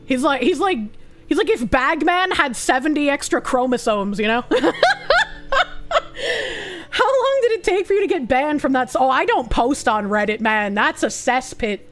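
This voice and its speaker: A woman's voice: high-pitched, animated, brisk, soft background music. A woman streamer chatting casually and reacting to chat, blunt, sarcastic and heavy on swearing. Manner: blunt, profane and sarcastic, with frequent laughs.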